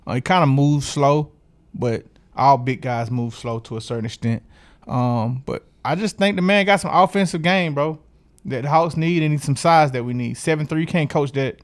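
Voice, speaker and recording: Man, slightly high voice, relaxed rambling co-host. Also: moderate pace. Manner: easygoing, stumbling, laughs often. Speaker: podcast co-host. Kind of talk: casual podcast chat.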